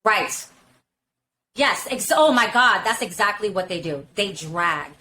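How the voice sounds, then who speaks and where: A woman's voice: medium pitch, animated, a little slow, sharp tone, slight background noise, low-quality recording. A woman talking candidly on a podcast, emphatic and swearing freely, leaning on fillers like "literally" and "you know what I'm saying". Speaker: podcast talker. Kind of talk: casual podcast discussion.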